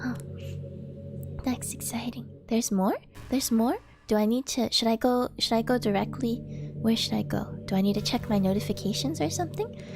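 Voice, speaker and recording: A woman's voice: fairly high pitch, fast, vocal fry, over music. A woman live-streaming, chatting casually and reading chat aloud, gushing with delight and giggling often.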